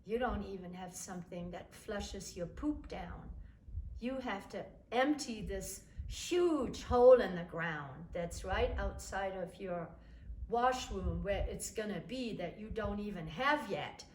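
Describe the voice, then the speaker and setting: A woman's voice: mid-range voice, measured pace, close to an everyday voice. A woman voicing a giddy, newly engaged young Italian woman who gushes breathlessly, told within a spoken story. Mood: incredulous. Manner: gushing, breathless excitement. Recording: echoey room, voice from a distance.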